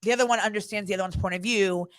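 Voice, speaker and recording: A woman's voice: medium pitch, steady tone, racing. Chatty woman telling a story. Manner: chatty storytelling, many fillers like "like". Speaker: podcast co-host. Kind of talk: casual chat.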